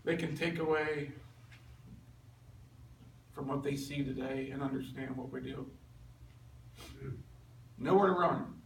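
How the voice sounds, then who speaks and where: A man's voice: mid-range voice, steady tone, slow, creaky, long pauses, distant mic, slight background noise. A man in his fifties giving an earnest, conversational personal testimony to a men's group, with frequent restarts. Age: 50s. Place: meeting room with a group. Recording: roomy, off-mic with faint ambience.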